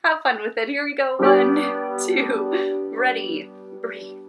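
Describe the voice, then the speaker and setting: A woman teaching an online elementary music class at her computer, talking slowly and gently and singing warm-ups. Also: high-pitched, lively intonation, muffled recording. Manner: gentle, encouraging, slow and clear, sings warm-ups. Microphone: computer mic. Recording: piano playing along.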